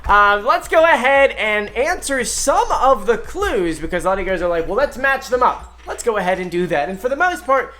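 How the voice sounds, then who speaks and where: A man hosting his own video, talking through clues in a casual, excited way and shouting out when something thrills him. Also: high voice, brisk, few pauses. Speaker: video host.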